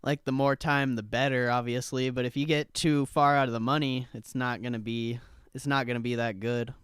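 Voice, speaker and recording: A man's voice: mid-range voice, level tone, moderate pace, fairly bright tone, clear, resonant tone, dry recording, studio quality. A young man hosting a live trading stream, laid-back, swearing casually and laughing often as he answers chat. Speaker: stock trading livestream host.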